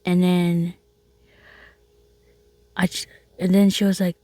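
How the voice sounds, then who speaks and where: A woman telling a casual storytime to her viewers, chatty and laughing, often dropping into a soft whisper. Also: lowish voice, little pitch movement, slow pace, pauses often, no room sound. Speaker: vlogger.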